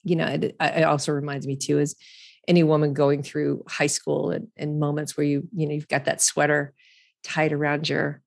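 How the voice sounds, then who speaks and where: A woman's voice: low-pitched, flat delivery, moderate pace, vocal fry. A middle-aged woman hosting a solo podcast, talking candidly in a chatty, frank way with casual swearing. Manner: candid, chatty and profane, with frequent restarts and laughter. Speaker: podcast host.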